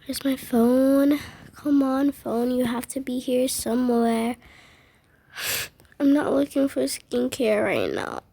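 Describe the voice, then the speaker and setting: High-voiced woman narrating a toy play. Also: lively intonation, takes it slowly, gravelly, warm tone, husky, dry recording.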